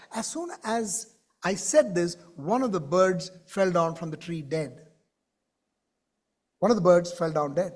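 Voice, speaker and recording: A man's voice: high-pitched, a little slow, pauses often. A man giving a conference keynote, talking to the audience directly and acting out the voices in a story he tells. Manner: animated, acts out dialogue in his stories. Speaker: keynote speaker. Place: conference stage.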